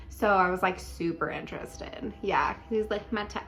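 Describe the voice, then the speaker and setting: Young woman vlogging at home, chatty dating story, middle pitch, light hiss behind. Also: moderate pace, hardly any pauses. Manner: chatty, animated, full of likes and ums. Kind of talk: casual storytelling.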